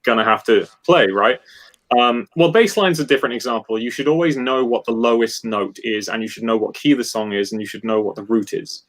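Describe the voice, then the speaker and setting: Male guest musician, mid pitch, animated technical chat over a video call. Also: fairly quick. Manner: animated, rambling explanations with many restarts. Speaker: guest guitarist.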